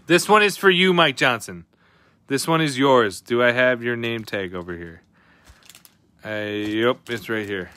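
A man hosting a live card-opening stream, chatting casually with viewers, excitable and often swearing as he reacts to each pull. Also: medium pitch, a little slow.

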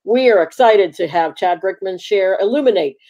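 A woman's voice: medium pitch, animated, moderate pace, dark tone. A woman hosting an online forum, reading a presenter's introduction with small stumbles, on a video call. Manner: reads the bio with small stumbles.

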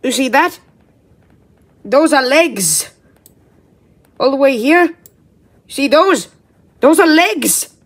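A woman's voice: high voice, animated, slow pace, pauses often. A woman giving casual, exasperated reaction commentary, laughing and swearing freely. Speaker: video reactor.

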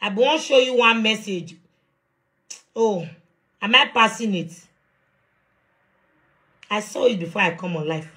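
A woman's voice: medium pitch, lively intonation, a little slow, pauses often, pushed and bright. A young adult woman with a Nigerian accent, ranting defiantly on a live stream from her phone, confronting someone and raising her voice at times. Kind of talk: heated live rant.

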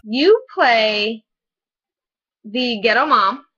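Effusive woman fan, bright sharp voice, dull lo-fi sound. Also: on the high side, lively intonation, extremely slow, breathy edge, faint music behind. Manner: enthusiastic, effusive.

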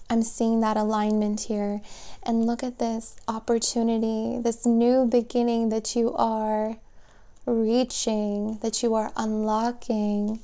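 A woman giving a spoken tarot reading, gentle and emotional, speaking softly and warmly to her viewers. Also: fairly high pitch. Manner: slow, soft, gentle and emotional. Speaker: tarot reader.

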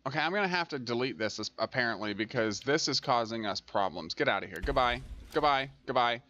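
Medium in pitch, brisk and animated, with a sharp tone, a man talks through a transport tycoon game for his let's-play channel. He grumbles at it and scolds it out loud when things go wrong.

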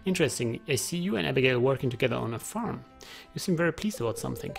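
Mystical female fortune teller played by a man, put-on accent, solemn slow reading, gravelly, faint music behind. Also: medium pitch, animated. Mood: mysterious.

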